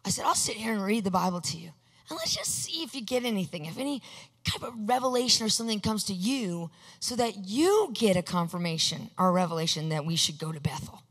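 A woman preaching a testimony sermon, telling her story with energy, acting out each exchange and bursting into excited shouts. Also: medium pitch, brisk, breathy edge. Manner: animated storyteller acting out dialogue. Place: large hall with a screen. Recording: long hall reverb.

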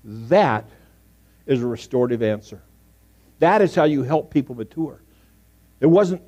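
Middle-aged male pastor preaching in church, anecdotal, shifts from loud to near-whisper. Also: mid-range voice, very animated, moderate pace, long pauses, dull audio. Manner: storytelling, swings from loud emphasis to hushed asides. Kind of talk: sermon. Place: church sanctuary.

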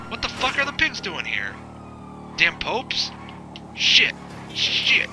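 A man's voice: high voice, wildly swooping pitch, slow pace, pauses often, pushed and bright, a little hiss or hum, poor audio. Swearing, sarcastic man commenting on a game. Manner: rambling, sarcastic, swears a lot, talks to himself. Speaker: gameplay video host. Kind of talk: casual gameplay commentary.

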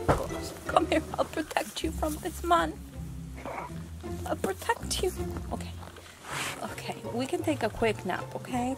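A woman with a high, lively voice chats with her goats in an outdoor pen, scolding and cooing by turns as she talks slowly to them. She holds the camera close, and music plays under her voice. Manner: playful, scolding, cooing to animals. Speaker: homesteader vlogger. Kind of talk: casual talk to goats. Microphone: handheld camera.

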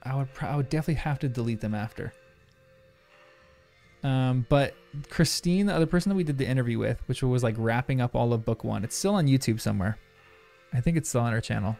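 Rambly streamer guy doing a crossword, gravelly fry in his voice, laughs a lot, faint music behind. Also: medium pitch, fast, dark tone. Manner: rambling, laughs often, talks to chat. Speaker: livestreamer. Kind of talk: casual chat while solving a crossword.

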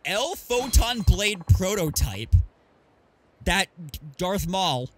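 A man streaming a game, chatting as he plays and reading out loot with offhand jokes. His voice sits fairly high and bright, with a lively, bouncing pitch. A faint noise hums under the recording. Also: extremely slow. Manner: chatty, reads item names aloud, jokes at the game. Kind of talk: casual gameplay commentary.

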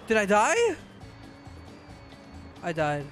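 A man giving casual, excitable gameplay commentary, often breaking into laughter and shouting at the game. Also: high voice, moderate pace. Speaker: gaming video creator. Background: game music.

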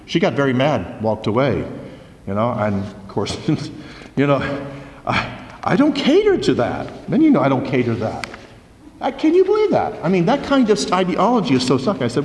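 A man preaching a forceful homily as a priest, full of rhetorical questions. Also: medium pitch, wildly swooping pitch, normal speed. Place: large church. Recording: echoey church from a distance.

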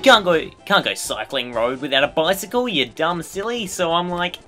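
A man's voice: on the high side, very animated, a little fast, hardly any pauses, pushed and bright, faint music behind. A man hosting a video game playthrough with goofy, rambling, joking commentary. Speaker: let's play host. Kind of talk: casual gameplay commentary.

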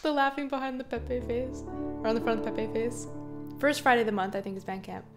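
A woman chatting casually on a live stream, reading chat and giggling often, with soft, mumbly trailing speech. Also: a little high, fairly even intonation, fairly quick, over music. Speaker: streamer and singer.

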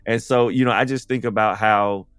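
A man's voice: on the low side, steady tone, normal speed, fairly bright tone, clear, resonant tone, dry recording. A man from the United States, a podcast guest, speaking in a casual, earnest conversational way and often saying "you know".

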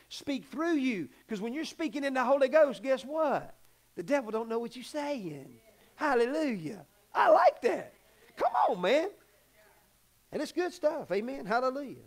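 A pastor preaching a folksy, animated sermon that acts out little scenes. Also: male voice, very high voice.

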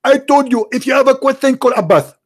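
A man's voice: very high voice, brisk, husky, voice pushed up. A man putting on the voice of a pompous, overconfident preacher who declares every answer certain. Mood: insistent.

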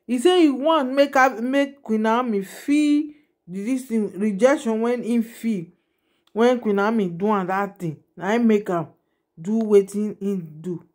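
A woman speaking in a Nigerian Pidgin accent, giving casual gossip commentary to her viewers and often turning to them with asides. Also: medium pitch. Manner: chatty, addresses viewers directly with repeated asides. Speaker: gossip vlogger.

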